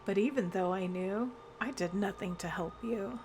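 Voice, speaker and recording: A woman reading the lines of a calm, reserved teenage girl detective from a game, in a plain, even voice. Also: medium pitch, normal speed, noisy background, natural voice. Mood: composed. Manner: plain, even read-aloud delivery.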